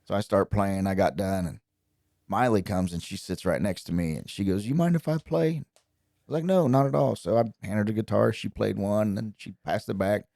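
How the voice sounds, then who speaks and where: A young man from Indiana, a country singer, telling stories as a guest in relaxed, chatty conversation. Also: deep voice, moderate pace, gravelly, no echo, clean studio sound. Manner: relaxed, chatty, lively when quoting people. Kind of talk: casual storytelling.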